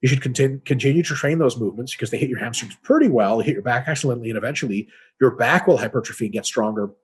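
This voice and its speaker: A man's voice: medium pitch, fast, slightly rough. A man co-hosting a casual webinar, answering training questions in a blunt, profane, explanatory way. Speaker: co-host answering fitness questions.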